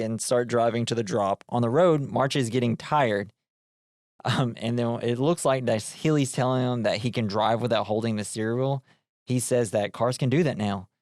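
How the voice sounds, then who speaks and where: A man co-hosting a movie podcast, recapping the plot in loose casual chat. He rambles with plenty of fillers and keeps breaking into laughter. His voice sits at an ordinary middle pitch, recorded close and dry with no room echo. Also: moderate pace, darkish tone. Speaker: podcast co-host.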